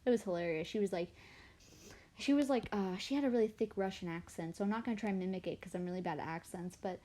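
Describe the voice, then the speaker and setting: A woman's voice: medium pitch, quick pace. A young woman in her late teens, chatting casually while drawing on a livestream, rambling and self-deprecating as she tells stories. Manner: chatty and animated, voice swinging up and down. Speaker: artist livestreamer.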